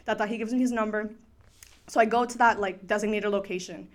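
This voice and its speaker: A woman's voice: medium pitch, fairly even intonation, brisk. A young woman telling a story in a casual, chatty way, full of "like" and the odd Spanish word. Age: young adult. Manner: chatty, filler-heavy, drops Spanish words. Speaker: student storyteller.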